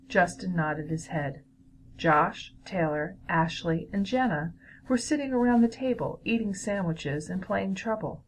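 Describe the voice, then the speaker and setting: A woman's voice: lowish voice, animated, normal speed, a little hiss or hum, rough recording. Woman reading a children's story aloud.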